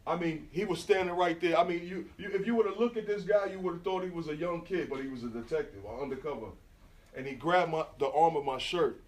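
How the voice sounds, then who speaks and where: Speaking a little high and fast, a middle-aged graffiti artist from New York tells animated, slangy stories to a live audience and talks to them directly. The indoor event was captured on a smartphone from the audience, far from the stage, so the recording is roomy.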